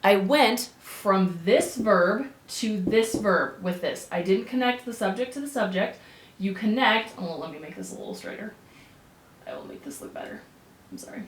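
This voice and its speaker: A woman teaching a grammar lesson with upbeat, animated energy and quick bursts of excitement. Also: medium pitch. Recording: echoey room.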